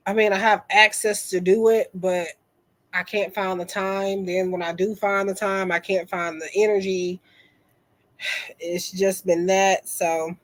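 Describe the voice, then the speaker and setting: A woman hosting a tarot livestream and chatting casually with viewers in a sick, under-the-weather voice, halting and reflective, often trailing off. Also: mid-range voice. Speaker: tarot reader and livestream host.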